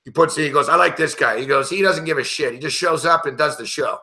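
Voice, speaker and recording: A man's voice: on the high side, fairly quick, pushed and bright. A middle-aged man hosting a sports betting show, telling stories in a brash, profane, casual way and laughing often. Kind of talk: casual storytelling chat.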